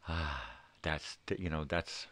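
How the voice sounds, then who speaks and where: A man's voice: rumbling low, slow pace, a bit bright. An older man talking in a rambling, profane monologue, emphatic and heartfelt, with many "you know"s. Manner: emotional, heartfelt. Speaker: vlogger. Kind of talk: casual monologue.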